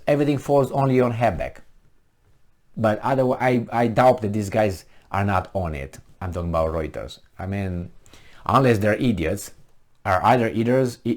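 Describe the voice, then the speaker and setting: Man, fairly low voice, sarcastic, mocking, exasperated, ranting commentary on the news. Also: normal speed, a little mellow. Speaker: political commentator.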